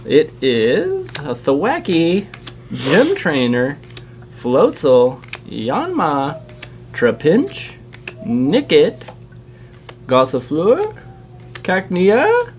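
A man's voice: fairly high pitch, huge pitch swings, drawn-out words, a little mellow. A man hosting a casual unboxing video. He chats eagerly and reels off card names as he opens packs. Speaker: channel host opening trading card packs. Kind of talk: casual chat while unboxing.

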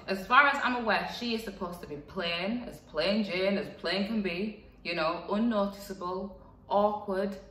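A woman's voice: fairly high pitch, pushed and bright, distant mic. A young woman in her twenties, chatting frankly in a casual vlog, with lots of fillers. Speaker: vlogger. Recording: echoey room, voice a bit off-mic.

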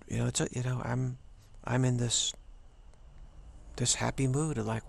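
A man hosting a casual spiritual talk video, rambling playfully with hushed asides. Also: mid-range voice, little pitch movement, moderate pace, creaky, long pauses.

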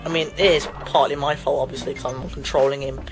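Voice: medium pitch, steady tone, quick pace, low-quality recording. A let's play commentator chatting casually over gameplay, breaking into frustrated outbursts and laughing at himself. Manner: self-mocking, laughs at himself. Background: game music.

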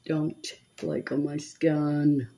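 Drawing out her words in a deep, warm voice with fairly even intonation, a woman in her seventies does her makeup on camera. The makeup vlogger chats casually with viewers and mutters to herself as she works.

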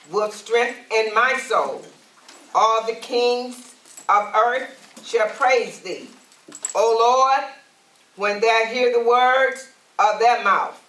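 A woman evangelist from Alabama with a mid-range, somewhat bright voice preaches and prays, calling out to the congregation in a rising, emphatic manner. The recording sounds roomy, with her distant from the mic.

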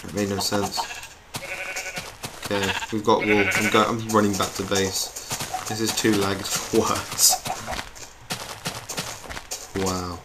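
A man's voice: lowish voice, level tone, takes it slowly, pauses often. A young man chatting in a rambling, self-mocking way as he plays a video game. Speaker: gamer. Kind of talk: gameplay commentary. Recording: noisy home recording with keyboard clicks.

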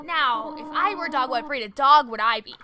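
A woman's voice: sits high, a little fast, close to an everyday voice. A woman voicing a playful motherly goat queen who jokes with her husband, giggling as she teases. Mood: playful teasing. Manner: giggly, joking. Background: game music.

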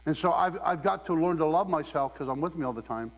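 A man's voice: fairly high pitch, expressive, quick pace. A man from Ohio preaching a sermon in a conversational, humorous way, often laughing. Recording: long hall reverb.

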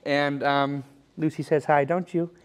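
He's a young man with a higher, steady, clean voice, lightly acted and unhurried. Leading an improvised parody tour of his apartment loft room by room, he plays a smug, unaware rich guy who brags and rambles with fake sentimentality.

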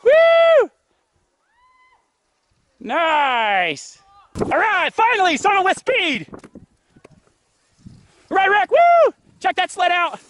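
A man's voice: very high-pitched, very animated, slow, pauses often, fairly bright tone. A man filming friends on a ski trip outdoors, cheering them on, teasing and laughing often in casual commentary. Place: outdoors on a snowy hill. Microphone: handheld camera.

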